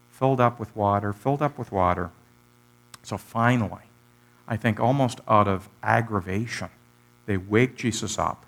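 Animated preacher, man. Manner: animated, rhetorical questions to the congregation, big pitch swings. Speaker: pastor. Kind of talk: sermon.

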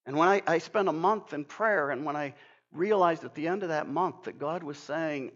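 Older male preacher, higher pitch, earnest and emphatic storytelling, muffled lo-fi recording. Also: normal speed, fairly bright tone. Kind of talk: sermon with storytelling. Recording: dull lo-fi sound.

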